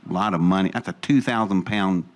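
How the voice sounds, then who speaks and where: An older man quoting a practical farmer in a lower, plainer voice while telling a story. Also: a little fast, natural voice. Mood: worried.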